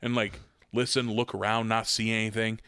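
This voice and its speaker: A man's voice: fairly low pitch, little pitch movement, normal speed, pushed and bright, smooth, no echo, studio quality. A man co-hosting a podcast, chatting casually and telling a story in a self-mocking, profane way, laughing often. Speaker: podcast co-host.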